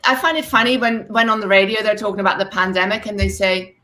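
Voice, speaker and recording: A woman's voice: mid-range voice, steady tone, fast, hardly any pauses, bright, forceful tone. A woman hosting an online comedy show over a video call, chatty and laughing between lines.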